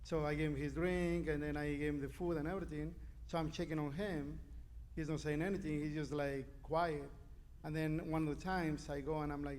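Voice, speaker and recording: A man's voice: a little high, steady tone, brisk, darkish tone. A man from Mexico whose first language is Spanish, sharing a personal testimony as a church guest in a chatty way, with plenty of "you know". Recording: live in a reverberant hall with faint noise.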